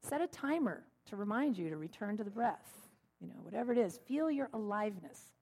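Woman preaching on mindfulness with gentle humor. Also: medium pitch, lively intonation, fairly quick, creaky, slightly rough. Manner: warm storytelling with gentle humor. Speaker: minister. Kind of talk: sermon.

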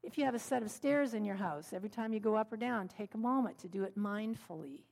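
A middle-aged woman minister giving a sermon, telling stories with gentle humor. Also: mid-range voice, quick pace, gravelly. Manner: warm storytelling with gentle humor.

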